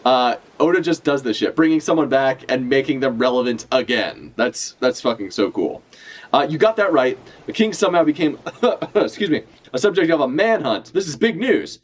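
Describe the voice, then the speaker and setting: A man giving casual live reaction commentary as a streamer, animated and profane, laughing often as he talks. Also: mid-range voice, normal speed. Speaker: streamer reacting to a manga chapter.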